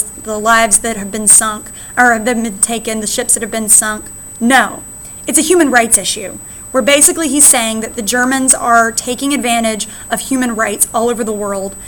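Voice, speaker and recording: A woman's voice: fairly high pitch, fairly bright tone, slight background noise. A woman teacher with an American accent, explaining slides in a recorded lesson and often checking in with "right?". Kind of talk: recorded classroom lecture.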